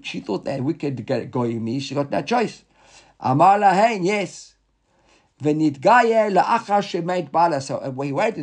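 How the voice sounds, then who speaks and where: Man teaching a text class, slightly high voice. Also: a little mellow. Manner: restarts often, reads Hebrew and Aramaic then paraphrases casually. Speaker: Torah teacher. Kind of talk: text study class, reading and translating.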